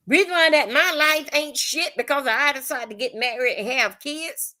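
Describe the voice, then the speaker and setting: A woman hosting a casual livestream, talking bluntly and profanely in an animated, storytelling way. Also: high voice, moderate pace, hardly any pauses. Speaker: livestream host. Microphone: phone or webcam on livestream.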